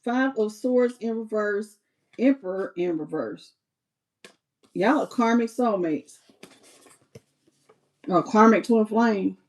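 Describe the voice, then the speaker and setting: A woman reading tarot on a live stream, chatty and expressive, talking straight to her viewers. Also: medium pitch, slow pace, pauses often. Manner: chatty and expressive, talks to viewers as "y'all" and "baby". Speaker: tarot reader.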